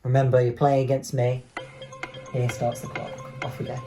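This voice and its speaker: A young male teacher giving an online lesson to children, explaining step by step in a clear, encouraging way. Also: mid-range voice, monotone, moderate pace, over loud music. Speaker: primary school teacher.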